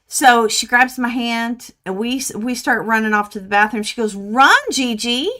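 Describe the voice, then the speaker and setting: An older woman, chatting excitedly and laughing easily as host of a quilting livestream. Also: fairly high pitch, normal speed, very noisy. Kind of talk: casual chat to live viewers. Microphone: webcam livestream.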